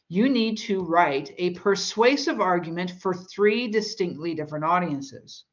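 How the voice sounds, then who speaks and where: Low-voiced woman giving a casual lecture. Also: lo-fi sound. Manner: conversational, explains with everyday examples and asides. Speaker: college English instructor. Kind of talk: recorded course lecture.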